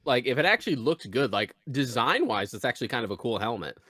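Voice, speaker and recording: A man's voice: medium pitch, sing-song, fast talker, sharp tone, dry recording, clean studio sound. A man co-hosting a podcast, chatting casually and wryly about a film with some swearing. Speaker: podcast co-host. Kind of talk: casual movie review chat.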